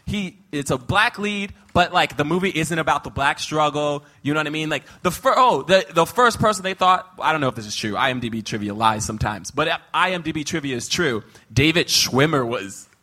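A high, bright male voice that swings from fast laughing outbursts to quick argument. He co-hosts a live movie review show, joking and cutting in on his co-hosts. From Texas. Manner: excitable, jokey, talks over others. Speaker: podcast co-host. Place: live show venue with audience.

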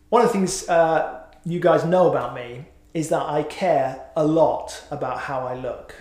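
Middle-aged preacher in an echoey hall. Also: male voice, on the high side, measured pace, darkish tone. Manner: conversational and self-mocking, with many fillers. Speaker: pastor. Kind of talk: sermon.

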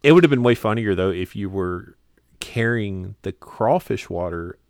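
A man's voice: lowish voice, lively intonation, moderate pace, creaky, a little mellow, no echo, clean studio sound. A man co-hosting a podcast, chatting casually with teasing, wry asides. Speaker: podcast co-host. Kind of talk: casual chat.

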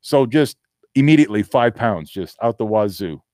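A man's voice: on the low side, lively intonation, normal speed, darkish tone, no room sound, clean studio sound. A middle-aged man, a former football player, telling a story in a casual interview and acting out the voices he quotes.

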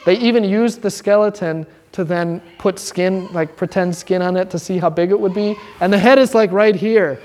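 High-voiced, animated male pastor teaching. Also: moderate pace, hardly any pauses, a little hiss or hum. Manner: animated, joking, acts out quoted voices. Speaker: pastor teaching a Bible class. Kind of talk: informal Bible class teaching.

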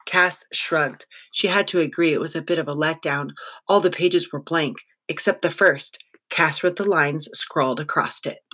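Brief: audiobook narrator, wry and lively, middling pitch. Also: moderate pace.

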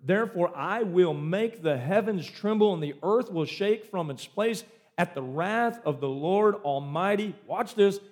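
A man preaching a sermon with emphatic delivery and dramatic swings in pace and loudness. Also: high voice, animated, measured pace. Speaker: pastor.

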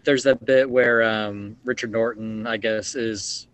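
A man with a lowish voice muses at length about films on a casual podcast. He winds through his points with fillers and asides. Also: fairly even intonation, measured pace, a bit bright, smooth, no room sound. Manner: thoughtful, rambling with fillers. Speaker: podcast co-host. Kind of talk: casual movie review chat.

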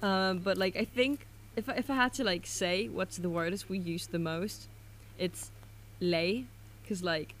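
A young woman from Greece, co-hosting a casual podcast, chatty and quick to laugh, filling her talk with um and like. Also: lowish voice, a bit bright, a little hiss or hum. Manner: chatty, laughs often, lots of um and like. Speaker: podcast co-host.

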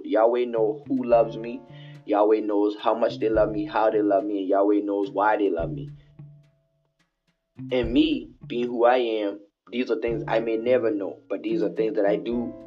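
A man hosting his own podcast alone in his bathroom, rambling and preaching in a late-night monologue that keeps circling back and repeating itself. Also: lowish voice. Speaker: podcast host. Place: bathroom at home. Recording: dull lo-fi home recording with faint music.

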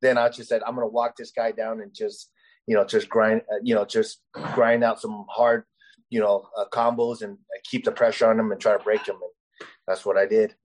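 A man's voice: lowish voice, little pitch movement, normal speed, rough recording. Man, fighter guest, rambling, filler-heavy, casual storytelling.

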